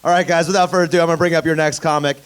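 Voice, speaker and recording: A man's voice: on the high side, little pitch movement, racing, smooth. A man emceeing a comedy show, hyping the crowd and introducing comics, heard from a distance. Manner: hypes the crowd.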